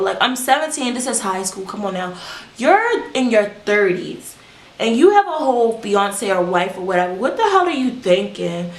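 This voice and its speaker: Young woman spilling a storytime on her vlog, blunt and cussing a lot, voice echoes round the room. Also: medium pitch. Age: young adult. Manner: candid, animated, profane storytelling. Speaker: vlogger. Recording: roomy echo.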